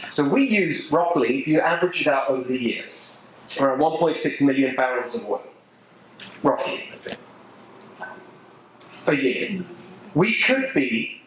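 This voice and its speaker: A middle-aged man with an English accent giving an animated, emphatic talk to a local political group, joking with the audience as he goes. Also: mid-range voice, unhurried, long pauses, slight background noise. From England. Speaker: political speaker. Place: event venue with a live audience. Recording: echoey room.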